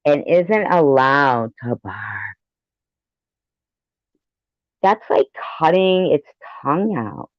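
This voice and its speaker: A woman commenting over a video clip with slow, sarcastic and scornful remarks, on slightly dull audio. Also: sits low, animated, dry recording. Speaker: commentary channel host.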